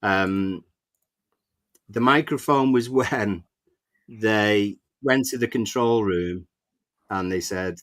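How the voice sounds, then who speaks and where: A man's voice: lowish voice, slow pace, long pauses, a bit bright. A man hosting a casual fan podcast, chatting and rambling with plenty of fillers. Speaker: podcast host. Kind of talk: casual chat. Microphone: clip-on microphone.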